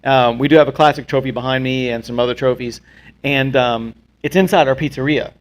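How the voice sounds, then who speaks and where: A man hosting a casual talk show, telling jokey stories with quick asides. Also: mid-range voice. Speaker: podcast host. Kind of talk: casual chat.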